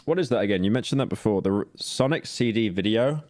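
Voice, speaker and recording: A man's voice: lowish voice, expressive, fast, a little mellow. A British man streaming and reacting to clips, ranting and swearing. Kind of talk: casual reaction commentary.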